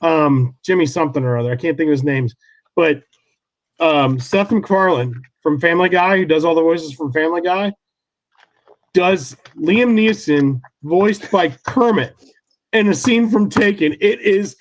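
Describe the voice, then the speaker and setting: A man's voice: on the high side, moderate pace, no room sound, poor audio. A man co-hosting a casual livestream chat with playful, giggly banter. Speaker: co-host.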